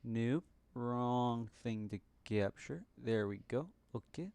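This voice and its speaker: A man's voice: medium pitch, slow pace, vocal fry, a little mellow, clean tone, no echo. A young man hosting a casual live coding stream at his home computer desk, chatty and muttering to himself, with jokey broken-English asides. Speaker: livestream host coding.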